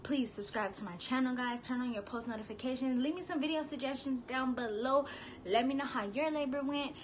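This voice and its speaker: A woman's voice: sits high, brisk, a little hiss or hum. A young woman telling her birth story in a candid, chatty vlog, now and then cooing at her baby. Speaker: vlogger, new mother.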